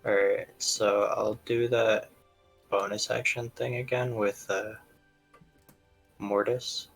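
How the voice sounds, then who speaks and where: A man's voice: fairly low pitch, level tone, slow pace, vocal fry, fairly bright tone, husky, faint music behind, poor audio. A man playing a tabletop game, talking loosely and chatting through his moves. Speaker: player. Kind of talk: casual tabletop game play.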